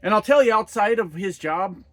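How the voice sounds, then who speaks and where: A man's voice: high-pitched, lively intonation, moderate pace, no echo. A man who works as a trucker, ranting angrily to camera about politics, heated and profane, firing off rhetorical questions. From United States. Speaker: trucker vlogger. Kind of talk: angry political rant to camera.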